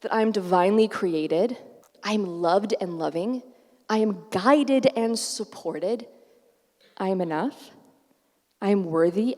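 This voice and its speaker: A middle-aged woman gives an animated keynote talk, slipping into the voices of the people she quotes. Her voice is set at a middle pitch for a woman. It carries through a large, reverberant hall and reaches the mic from a distance. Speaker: keynote speaker. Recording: echoey hall, far from mic.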